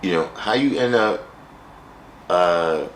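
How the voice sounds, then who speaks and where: A man's voice: low voice, lively intonation, slow pace, reverberant, a little hiss or hum, low-quality recording. A man hosting a live stream, chatting casually with viewers in a wry, joking way and often repeating himself.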